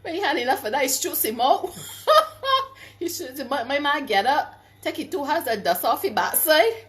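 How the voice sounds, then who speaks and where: A middle-aged woman, telling stories in a casual vlog, animated, laughing often, and stopping to give advice. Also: high voice, normal speed. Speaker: vlogger.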